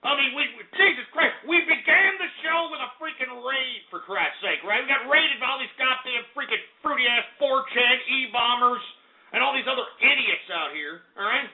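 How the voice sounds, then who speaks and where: Man, call-in radio host, exasperated rant, high-pitched, tinny phone line. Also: lively intonation, moderate pace. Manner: exasperated, swearing, repeats himself.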